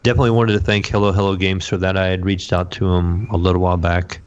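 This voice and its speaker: Deep-voiced man, rambling podcast chat. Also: little pitch movement, fast talker, clean tone, dull audio. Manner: rambling, repeats words, many fillers. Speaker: podcast co-host. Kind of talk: casual chat about video games.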